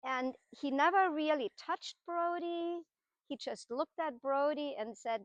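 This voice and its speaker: This middle-aged trainer gives patient, explanatory horsemanship lessons as she works horses, often tossing in tag questions to check on her listeners. She speaks a little slowly in a slightly high voice that sounds dry and close, with no room sound and dull audio.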